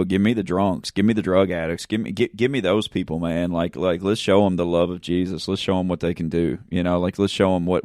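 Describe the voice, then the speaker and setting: Deep-voiced preaching man, smooth and dry. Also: no room sound. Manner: fervent, preacher-like, repeats "you know what I'm saying". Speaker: pastor. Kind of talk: casual chat. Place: in a church.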